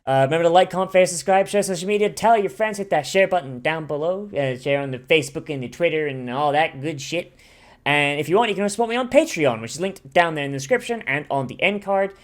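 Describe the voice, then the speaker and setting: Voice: medium pitch, lively intonation, fast. A host of an anime watch-along channel giving casual, profane commentary, rambling with many restarts and fillers.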